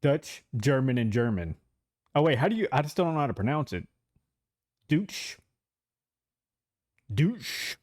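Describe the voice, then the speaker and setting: Lively chatty male streamer. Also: medium pitch, fast talker, no echo, clean studio sound. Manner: chatty, talks straight to chat, laughs easily. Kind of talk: casual live-stream chat.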